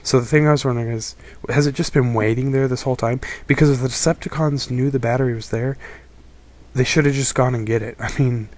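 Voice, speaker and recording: Young male film reviewer, casual and critical, average pitch, restless and rambling. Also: steady tone, quick pace, darkish tone. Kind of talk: casual opinion monologue.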